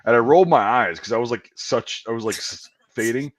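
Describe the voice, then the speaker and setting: A man's voice: mid-range voice, brisk, slight background noise. A man telling a long army story in a casual, profane, rambling way, laughing at himself. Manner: profane, rambling, self-deprecating. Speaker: podcast host.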